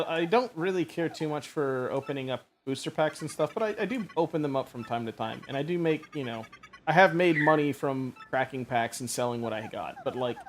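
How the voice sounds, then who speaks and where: A man's voice: fairly high pitch, a little hiss or hum. A man in his thirties chatting casually while playing a game, telling a story with lots of swearing. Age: 30s. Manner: swears freely, animated storytelling. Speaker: gaming channel host. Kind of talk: casual chat over a game playthrough.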